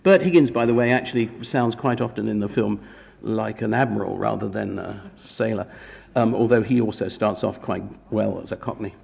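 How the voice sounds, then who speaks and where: Man, academic lecture, gravelly voice, wry ironic asides, reverberant conference hall. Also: on the low side, normal speed, a little mellow. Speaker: guest lecturer at a film conference.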